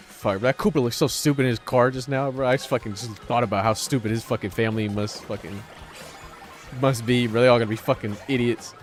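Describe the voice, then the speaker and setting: A man's voice: medium pitch, fairly even intonation, a little fast, soft background music. A man streaming live while gaming, talking to his chat in a profane, sarcastic, rambling way.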